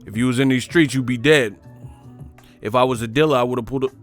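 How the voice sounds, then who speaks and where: Man, livestream host, from the Bay Area, profane, casual, mid-pitched, faint background music. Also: fast. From San Francisco Bay Area. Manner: profane, laughing, slangy, animated riffing.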